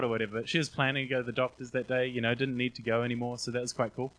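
A young man shares church testimonies in a casual, rambling way. His pitch sits in the middle range. He fills pauses with "um" and slips into the voices of the people he quotes. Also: fairly even intonation, fairly bright tone, low-quality recording. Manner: rambling, frequent "um", acts out quotes. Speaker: church member sharing testimonies.

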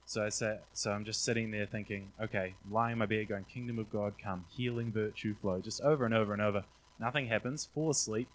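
A man's voice: lowish voice, steady tone, a little fast, a little hiss or hum, low-quality recording. Casual young man telling faith stories. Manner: rambling, frequent "um", acts out quotes. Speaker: church member sharing testimonies. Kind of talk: casual testimony sharing.

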